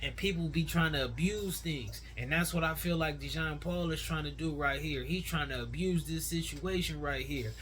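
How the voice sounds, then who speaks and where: A man's voice: a little high, normal speed, few pauses, fairly bright tone, slight background noise. A man giving casual, opinionated reaction commentary, talking in a conversational way full of slang.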